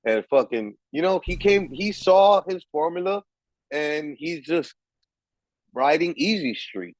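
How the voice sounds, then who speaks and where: A man's voice: on the high side, lively intonation, measured pace, no echo, low-quality recording. A man hosting a podcast, ranting in heated, profane, emphatic casual talk. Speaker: podcast host. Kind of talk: casual chat.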